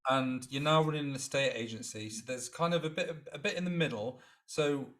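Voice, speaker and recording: A man's voice: medium pitch, fairly quick, fairly bright tone. A man hosting a podcast, putting long, searching questions to his guest. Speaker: podcast host. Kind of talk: interview questions.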